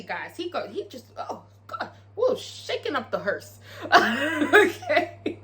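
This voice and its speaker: A woman recapping a TV episode in a casual vlog, profane and excitable, tagging her lines with "okay?". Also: on the high side, a little slow. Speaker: TV show reviewer.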